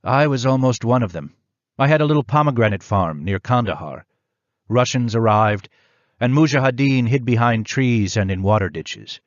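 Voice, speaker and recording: A man voicing a poor older Afghan former farmer who speaks in short, halting broken English. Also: mid-range voice, dry recording, highs cut off, lightly acted. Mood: weary, sad.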